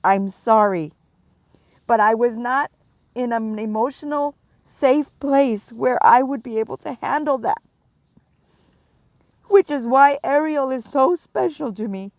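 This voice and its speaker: A middle-aged woman giving a prophetic warning, stern and emphatic, pressing her points with slow repetition. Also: on the high side, a little mellow, no echo. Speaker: self-described prophet.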